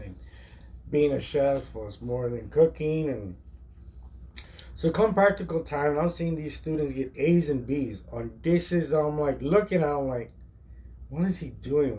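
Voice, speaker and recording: A man, a chef, telling a personal story in a casual, animated way, emphatic and full of "like". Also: mid-range voice. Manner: animated, emphatic, heavy use of "like".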